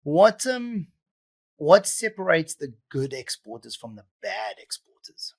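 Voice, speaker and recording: Gravelly-voiced male podcast host. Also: sits high, sing-song, unhurried, no echo. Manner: chatty, probing questions, frequent fillers. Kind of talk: casual interview chat.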